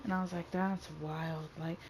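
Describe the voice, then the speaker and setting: Woman, casual gossip, swears, streaming at home, loud household noise behind. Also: low voice, flat delivery, a little slow. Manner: chatty gossip, swearing, talks to kids off-mic. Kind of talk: casual storytelling while gaming.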